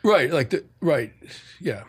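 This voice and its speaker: A man speaking as a podcast guest in a reflective conversation, halting and often restarting his sentences. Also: on the high side, big pitch swings, slightly rough, dry recording. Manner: halting, many restarts and self-corrections. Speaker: guest, war journalist and author.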